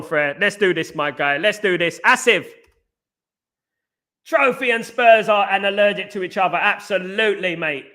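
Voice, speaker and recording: A man hosting a football fan live stream, bantering and giving shout-outs to viewers in the chat. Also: sits high. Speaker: host.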